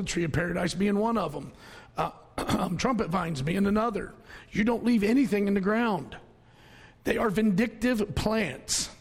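A man with a drawl preaches to his congregation in a folksy, chatty way, shouting some points and hushing others. His voice is high for a man, with a gravelly, husky edge. The sound carries the long reverb of a church hall. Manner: folksy, conversational preaching with sudden loud outbursts and hushed asides. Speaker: pastor. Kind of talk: sermon.

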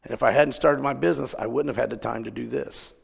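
A man's voice: mid-range voice, fairly even intonation, fast, vocal fry, husky, big-room sound. A man preaching a conversational sermon, telling stories and putting questions to the congregation. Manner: storytelling, asks the congregation questions.

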